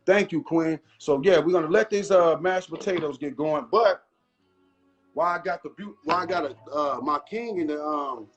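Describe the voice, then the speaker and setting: A man's voice: fairly high pitch, normal speed, highs cut off. A man hosting a casual cooking show from his home kitchen, chatting loosely and talking straight to his viewers. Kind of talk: casual live cooking chat. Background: faint jazz music.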